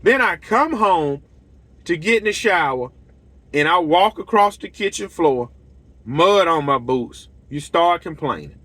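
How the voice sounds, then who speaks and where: The recording carries no room sound as this middle-aged channel host, who runs a lawn care business, delivers a heated, blunt rant to camera. He's unhurried and expressive, his voice a little high and sharp, acting out the dialogue of his repetitive stories.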